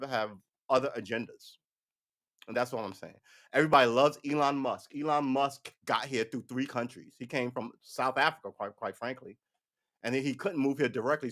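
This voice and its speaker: A man's voice: medium pitch, a bit bright. A man giving casual, profane political commentary on a livestream, ranting and slipping into mocking voices.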